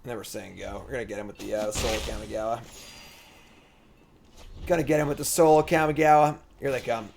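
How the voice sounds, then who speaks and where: A man's voice: mid-range voice, fairly even intonation, brisk, gravelly, long pauses. A young man giving casual, joking commentary while he streams a card game. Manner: joking, talks to himself and the opponent. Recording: background noise.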